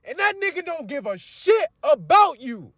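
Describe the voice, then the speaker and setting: A man putting on a high, whiny voice to mock a dismissive young man. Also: sing-song, moderate pace, a bit bright, dry recording, studio quality, full character voice.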